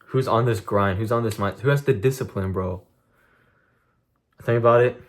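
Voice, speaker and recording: A man's voice: lowish voice, normal speed. A young man streaming a blunt, profane monologue to his chat, venting intensely about discipline and cutting things out. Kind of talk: casual vlog monologue to chat.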